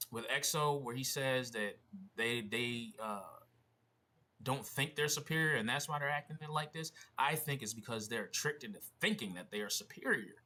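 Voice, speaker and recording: A man's voice: medium pitch, pushed and bright. A man from Pennsylvania hosting a casual reaction vlog, telling a story in loose slangy speech with frequent swearing. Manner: casual slangy, swears, says bro often. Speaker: vlog host reacting to a video.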